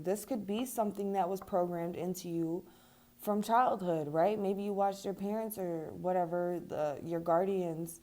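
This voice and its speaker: A young woman who reads tarot walks her viewers through a card spread in a relaxed, chatty manner, laughing a lot and tossing in casual swears. Her slightly low voice comes across as mellow and warm instead of bright.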